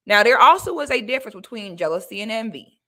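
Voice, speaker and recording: Blunt bright-voiced woman vlogger. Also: fairly high pitch, animated, quick pace. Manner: blunt, preachy, addresses audience directly. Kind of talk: casual advice talk to viewers.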